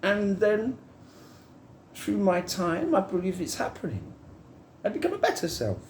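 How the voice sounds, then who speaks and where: A man's voice: high voice, wildly swooping pitch, a little slow. Man, spiritual monologue, rambling and heartfelt, echoey room, faint background hum.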